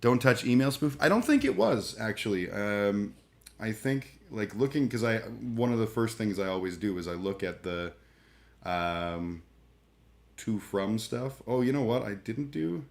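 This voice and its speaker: A man's voice: on the low side, lively intonation, unhurried, gravelly. A man chatting casually on a live stream, rambling and irreverent, full of fillers and restarts. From Canada. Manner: irreverent, joking.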